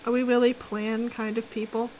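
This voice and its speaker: Woman co-streamer, higher voice, teasing and giggly, faint hiss behind. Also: little pitch movement, normal speed, darkish tone, low-quality recording. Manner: teasing, laughs often. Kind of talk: casual gameplay chat.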